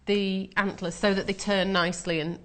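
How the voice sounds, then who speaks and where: A woman toy designer, a guest in a TV studio, calmly explaining practical sewing steps. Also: mid-range voice, normal speed. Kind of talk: craft demonstration.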